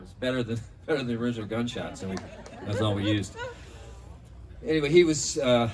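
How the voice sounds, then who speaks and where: A man's voice: mid-range voice, fast talker, some chatter behind. A man giving a rambling, anecdotal memorial tribute outdoors, full of fillers. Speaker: speaker at a memorial. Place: outdoors in a park. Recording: distant mic outdoors, faint background noise.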